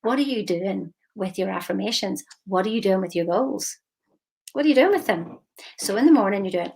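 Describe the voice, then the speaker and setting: A woman mindset coach giving a lively, emphatic motivational talk straight to her viewers. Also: medium pitch, brisk, vocal fry. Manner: lively, emphatic, slips into quoted voices.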